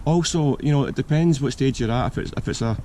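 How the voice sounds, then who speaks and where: A man with a croaky voice from a cold, hosting and giving casual buying advice with lots of ums and restarts. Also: medium pitch, quick pace, dark tone, a little hiss or hum. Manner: hesitant, many ums and restarts. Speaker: car channel host.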